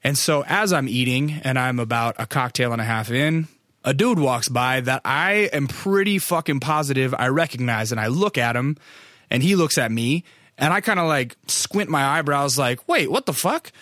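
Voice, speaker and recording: A man's voice: medium pitch, animated, moderate pace, fairly bright tone, no room sound, studio quality. A young adult man, a photographer, telling a rambling, profane story full of "like" fillers. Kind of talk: casual storytelling.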